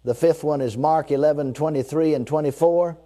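Warm-voiced male preacher, emphatic and deliberate. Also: fairly high pitch. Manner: emphatic, repeats key phrases, slows down for scripture; leads the congregation in call-and-response declarations. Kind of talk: sermon.

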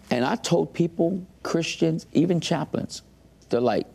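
A man's voice: mid-range voice, animated, normal speed, vocal fry, darkish tone, slightly rough. A man earnestly telling his faith testimony in an interview, emotional as he recounts it.

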